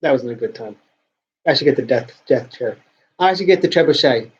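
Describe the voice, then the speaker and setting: Guy rambling and joking at his home computer, trails off a lot, middle pitch, muffled lo-fi mic. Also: expressive, brisk, husky. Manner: rambling, joking, self-mocking, trails off and restarts. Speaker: host of a joke news show. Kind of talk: casual rambling talk to camera.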